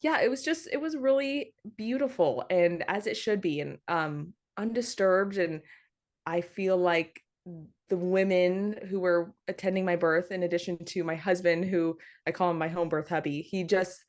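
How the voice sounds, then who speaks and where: A young woman telling her home birth story in a casual interview, animated, laughing often, with plenty of fillers and restarts. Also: fairly low pitch, moderate pace. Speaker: podcast guest.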